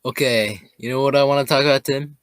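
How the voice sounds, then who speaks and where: A man's voice: mid-range voice, fairly even intonation, fast, smooth, no echo. A young man co-hosting a casual podcast, rambling through his points with lots of fillers. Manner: rambling, many fillers and restarts. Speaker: podcast co-host. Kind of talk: casual chat.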